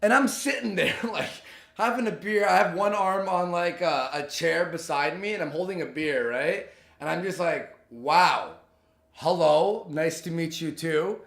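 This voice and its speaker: A man's voice: sits high, normal speed, gravelly, roomy sound. A young man vlogging a heated, profane storytime, acting out the people he quotes. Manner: heated, profane, animated retelling with quoted dialogue. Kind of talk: ranting storytime.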